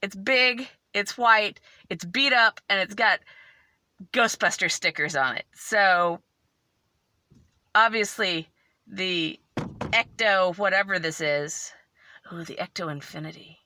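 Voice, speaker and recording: A woman vlogger telling a story in a casual, animated way, tearful and emotional. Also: mid-range voice, slow pace, pauses often, no room sound.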